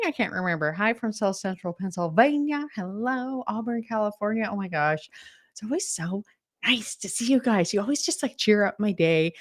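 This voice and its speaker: A woman's voice: mid-range voice, lively intonation, moderate pace. Bubbly woman hosting a live stream. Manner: bubbly, gushing, greets viewers by name. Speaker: livestream host and decluttering coach. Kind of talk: casual livestream chat. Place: home, recording on Vancouver Island. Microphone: camera live stream.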